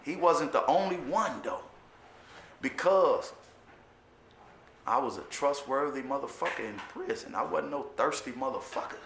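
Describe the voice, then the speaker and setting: A man's voice: medium pitch, expressive, a little slow, vocal fry, pauses often, a bit bright, roomy sound, a little hiss or hum. A middle-aged man telling his own prison story in blunt street talk, swearing a lot and repeating lines for emphasis. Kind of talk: personal storytelling to camera.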